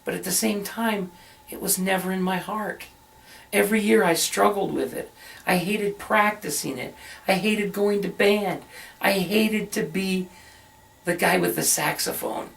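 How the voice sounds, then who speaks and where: A man's voice: high-pitched, unhurried, gravelly, fairly bright tone, recorded from a distance. A middle-aged man, a minister, telling a personal story in earnest, conversational sermon style.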